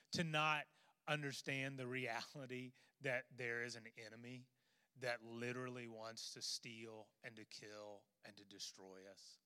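A man, a pastor, leading an earnest congregational prayer in a church sanctuary, halting at times with fillers. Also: mid-range voice, pushed and bright, clean tone. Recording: long reverb of a large hall.

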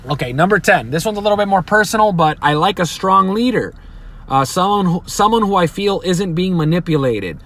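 A young man delivers a solo podcast rant, his voice sitting slightly high. He swears freely, trips over restarts and circles back on his points as his temper rises. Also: animated, brisk, fairly bright tone. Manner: profane, heated, rambling with restarts. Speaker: podcast host. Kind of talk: opinionated solo podcast monologue.

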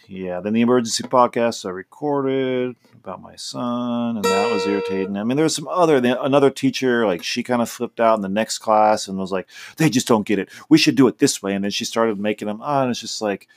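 A man with a fairly low voice rambles through a casual podcast monologue, trailing off and restarting his thoughts. A faint guitar that he plays himself can be heard behind him. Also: brisk, hardly any pauses. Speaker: podcast host.

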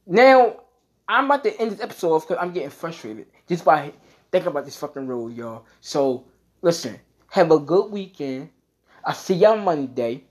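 A man's voice: fairly high pitch, very animated, normal speed. A young man holds forth on his own podcast in a loose, heated rant. His talk is thick with curses and filler words, and he circles back to the same points again and again. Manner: profane, repetitive, full of "like"; gets heated and louder. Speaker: podcast host.

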